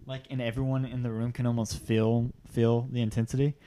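A man's voice: mid-range voice, little pitch movement, a little fast, warm tone. A man hosting a podcast, chatting casually and laughing often while watching a movie at home, slipping into playful impressions. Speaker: podcast host. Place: living room at home.

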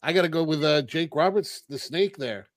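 A man's voice: fairly high pitch, moderate pace, dry recording. A man co-hosting a casual wrestling chat, reading viewer comments aloud and speaking hesitantly with stammers.

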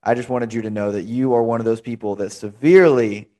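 A man's voice: medium pitch, quick pace, warm tone. A young man hosting a podcast interview, chatting casually and rambling through stories. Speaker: podcast host.

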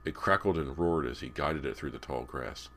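A man's voice: a bass voice, moderate pace, sharp tone. A man reading a young-adult horror novel aloud as an audiobook narrator. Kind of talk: scripted narration.

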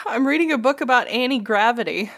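A woman's voice: high voice, expressive, moderate pace, a bit bright. A woman co-hosting a podcast, telling pun jokes in a casual chat and giggling, delighted by them. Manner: giggly, delighted by her own puns. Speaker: podcast co-host.

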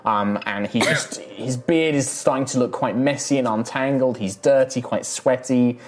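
A man's voice: mid-range voice, moderate pace. A man narrating a tabletop game as game master, with casual, rambling descriptions full of ums.

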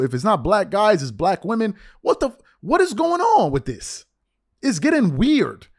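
Fired up guy ranting on his show, high voice, swings all over the place. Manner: animated, repetitive, rising to exasperated outbursts. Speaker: show host. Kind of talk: impassioned commentary.

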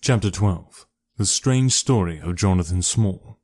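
A man reading a novel aloud as an audiobook narrator. His voice is somewhat low and his delivery steady and measured.

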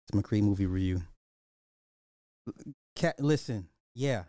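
A man's voice: lowish voice, lively intonation, a little slow, dark tone, no room sound, clean studio sound. A man ranting casually to his viewers in a movie review, swearing freely and laughing often between lines. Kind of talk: casual profane rant to camera.

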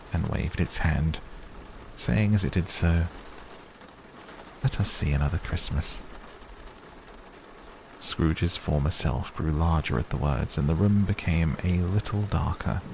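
A man with a very low, gravelly voice reads a classic tale slowly and soothingly, meant for sleep. Steady rain sounds run clearly beneath his narration. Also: noisy background. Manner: slow and soothing. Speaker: audiobook narrator. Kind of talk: calm sleep-story reading.

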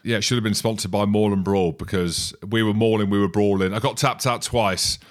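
A man's voice: lowish voice, steady tone, a little fast. A man in his forties, a podcast co-host and former rugby player, telling a story in casual chat, self-mocking and laughing often. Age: 40s.

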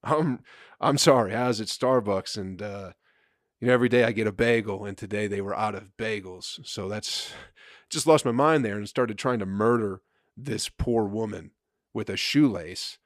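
A man's voice: fairly low pitch, normal speed, no echo, studio quality, close to an everyday voice. A man voicing a male attacker who offers sheepish, rambling excuses. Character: male attacker making lame apologetic excuses.

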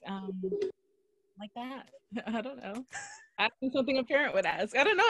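A young woman co-hosting a podcast in casual chat, telling stories quickly and animatedly with frequent fillers. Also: a little high, expressive, a bit bright. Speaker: podcast co-host.

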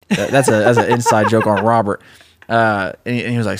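A man's voice: fairly low pitch, fairly quick. Young male podcast co-host, casual storyteller, laughs a lot. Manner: animated storyteller, laughing at his own jokes. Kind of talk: casual chat, pitching a story.

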